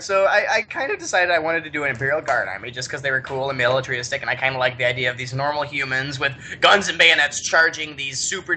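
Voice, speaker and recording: A man co-hosting a casual podcast, telling long stories in a rambling, animated way. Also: mid-range voice, slight background noise. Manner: rambling, animated, many restarts. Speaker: podcast co-host. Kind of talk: casual chat, storytelling.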